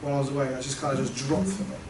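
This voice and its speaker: A man giving a reflective workshop talk to a group, earnest and halting, often trailing off softly. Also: medium pitch. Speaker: workshop presenter. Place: meeting room. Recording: echoey room from far off, noisy.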